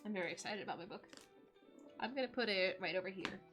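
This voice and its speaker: A woman in her thirties, a streamer chatting casually on a live stream and opening gifts in a bubbly, excitable way. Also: mid-range voice, fast, loud music behind the voice. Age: 30s.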